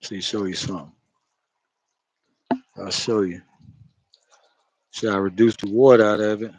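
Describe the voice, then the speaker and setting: A man's voice: lowish voice, steady tone, a little slow, darkish tone, no room sound. A man with a Florida accent chatting loosely while he cooks, rambling, laughing and swearing as he goes. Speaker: home cook. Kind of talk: casual cooking vlog talk.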